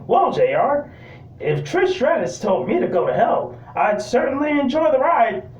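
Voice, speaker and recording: A man's voice: extremely high pitch, moderate pace, lo-fi sound, voice pushed up. Man mimicking a squealing crude old commentator. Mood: leering. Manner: squealing, excitable. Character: leering old male wrestling commentator, giddy and crude. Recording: roomy, distant mic.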